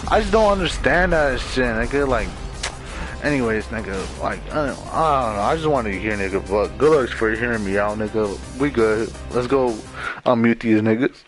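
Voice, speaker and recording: A man's voice: fairly low pitch, normal speed, over music, low-quality recording. Rambling young man venting over a headset. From Maryland, US. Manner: rambling, profane, heavy on "like" fillers. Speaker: gamer in voice chat. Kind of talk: casual venting chat. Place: bedroom at home.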